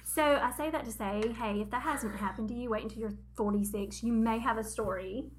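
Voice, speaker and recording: A woman in her forties, co-hosting a podcast, telling a story in a casual chat, animated and laughing at herself as she acts out what people said. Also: on the high side, a little fast, a little hiss or hum. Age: 40s. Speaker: podcast co-host.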